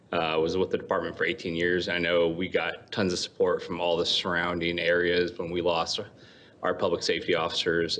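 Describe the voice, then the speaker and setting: A man's voice: low-pitched, fairly bright tone, a little hiss or hum. A man on a city council, speaking earnestly with many fillers at a meeting, into a desk microphone in a council chamber.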